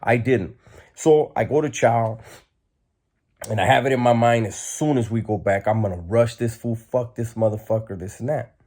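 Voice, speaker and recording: A man's voice: medium pitch, moderate pace, a little mellow. A man telling a story in a casual, blunt, streetwise way, with lots of fillers.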